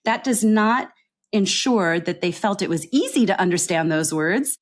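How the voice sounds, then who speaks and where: A woman giving a podcast interview as a pronunciation coach, explaining her work earnestly and often checking in with a quick "right?". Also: medium pitch, expressive.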